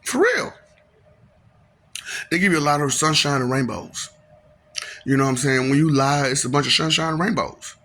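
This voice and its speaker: A man's voice: on the high side, lively intonation, normal speed, pauses often, sharp tone, slight background noise. A man, talking in a casual rambling monologue and laughing often between lines. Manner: laughs often, breaks into sing-song bits and mocking voices.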